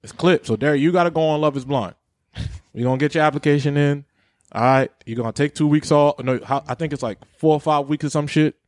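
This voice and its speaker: A man's voice: on the high side, fairly quick, darkish tone, dry recording, studio quality. A man co-hosting a podcast in casual, profane banter, joking and laughing often. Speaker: podcast co-host.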